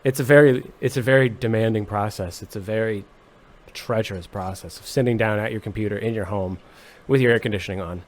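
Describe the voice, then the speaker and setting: A man who is a musician, a guest on a comedic podcast, telling stories in a deadpan, mock-serious way. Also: lowish voice, brisk. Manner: deadpan joking, exaggerated mock-serious bits.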